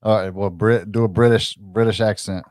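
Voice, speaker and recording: A laid-back man co-hosting a casual live audio show. He speaks in a low, easy register and nudges the guest along. The sound is dry and close to the mic. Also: steady tone, normal speed, a little mellow, no room sound. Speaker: co-host. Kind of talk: casual chat.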